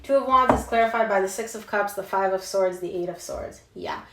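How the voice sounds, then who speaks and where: A woman's voice: mid-range voice, brisk, background noise. Young woman reading tarot, casual and emphatic, slangy, roomy sound. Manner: chatty and emphatic, slangy asides. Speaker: tarot reader. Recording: roomy echo.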